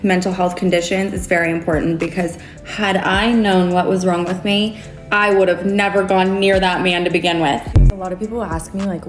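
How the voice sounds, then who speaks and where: Wry, low-voiced woman telling a story. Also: little pitch movement, normal speed, soft background music. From United States. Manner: candid, wry, many "like" fillers. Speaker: storyteller on a podcast. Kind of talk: casual storytime chat.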